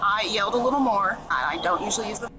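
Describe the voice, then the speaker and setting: A woman's voice: medium pitch, expressive, very fast. A woman in her twenties defensively explaining herself to police, repeating what she said, recorded outdoors on a body camera. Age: 20s. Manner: defensive, repetitive "I said" retelling. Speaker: suspect questioned by police. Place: outdoors on a street. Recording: outdoor body-cam audio with background noise.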